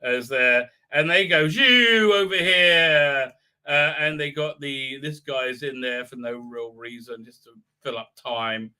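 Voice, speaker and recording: A man's voice: mid-range voice, steady tone, unhurried, few pauses, pushed and bright, smooth. A man hosting a live stream, rambling through a show in a mocking tone and slipping into silly voices. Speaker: show host.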